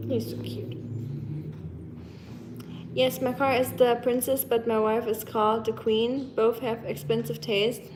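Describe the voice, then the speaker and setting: A woman hosts a casual livestream, chatting and replying to viewer comments. Her voice sits a little high. Faint background noise runs under the recording. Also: level tone, moderate pace, few pauses. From Germany. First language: German. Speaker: livestream host. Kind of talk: casual live chat with viewers.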